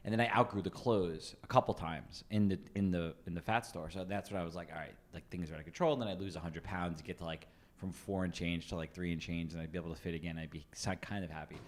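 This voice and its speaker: Rambling male co-host, deep voice, chatty storyteller. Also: steady tone, fast. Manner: rambling storyteller, many fillers and restarts. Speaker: podcast co-host. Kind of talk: casual chat.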